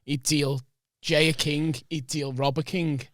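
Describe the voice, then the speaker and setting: A man's voice: a little high, flat delivery, measured pace, no room sound, clean studio sound. A man co-hosting a podcast in casual chat, talking loosely and swearing. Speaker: podcast co-host.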